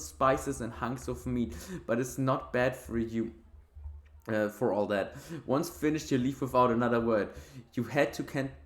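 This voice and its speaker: A man with a mid-range voice hosts a let's play in a reverberant space, reading game text aloud. He breaks into casual commentary full of swearing and laughs at the story.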